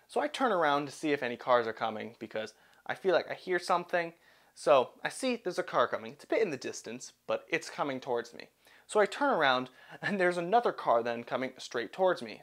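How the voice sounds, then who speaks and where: A young man narrating a personal story in an animated, self-deprecating way. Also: a little high.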